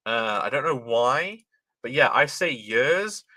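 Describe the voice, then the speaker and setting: A man's voice: mid-range voice, brisk, bright, forceful tone, no room sound. A man with a slightly posh British accent, chatting casually and rambling a bit as he talks about his animation work, swearing freely. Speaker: animator and video host. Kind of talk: casual commentary.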